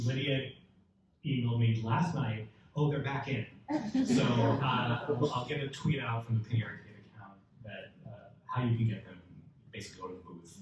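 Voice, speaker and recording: A man's voice: medium pitch, a little hiss or hum. A man speaking as a panelist at a convention panel, hesitant with many fillers. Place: large convention hall. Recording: echoey hall from far off.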